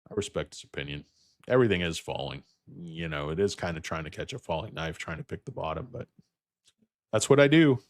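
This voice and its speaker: A man's voice: rumbling low, lively intonation, fast talker, no echo, studio quality. A man in his fifties hosting a stock livestream, rambling and joking off on tangents; he sounds tired and as if he is losing his voice. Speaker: host.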